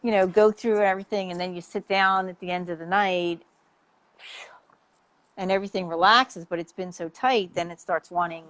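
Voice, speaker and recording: A woman's voice: fairly low pitch, moderate pace, poor audio. Chatty woman telling a story. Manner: animated, chatty, swears casually. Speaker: health coach. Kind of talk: casual storytelling in conversation.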